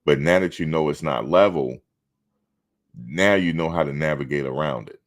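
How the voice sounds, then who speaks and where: Very deep-voiced, blunt man hosting a stream. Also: moderate pace. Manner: blunt, outspoken, swears freely. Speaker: live stream host. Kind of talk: casual live stream commentary.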